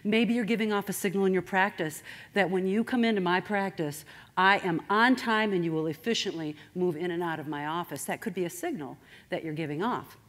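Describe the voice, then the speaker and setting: A woman giving a motivational talk, animated and straight-talking. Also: on the low side, a little fast. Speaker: speaker.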